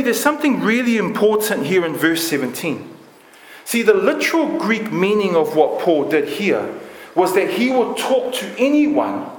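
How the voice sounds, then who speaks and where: Brief: New man, passionate sermon, high voice, reverberant church hall. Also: slight background noise. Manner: passionate, emphatic preaching with list-like repetition. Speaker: preacher. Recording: echoey room.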